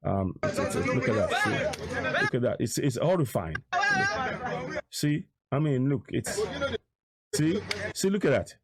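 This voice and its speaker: Man, political commentator, emphatic and repetitive, animated swings in pitch, dry close sound. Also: unhurried, long pauses, husky, dry recording. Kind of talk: commentary over video footage.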